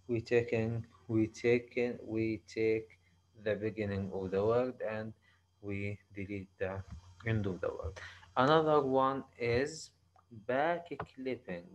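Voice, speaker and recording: A male university lecturer with an Arabic accent, explaining slowly in a halting way, often restarting and repeating himself. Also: medium pitch, highs cut off, a little hiss or hum. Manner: slow, halting explanation with frequent restarts and repetitions. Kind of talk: recorded online lecture.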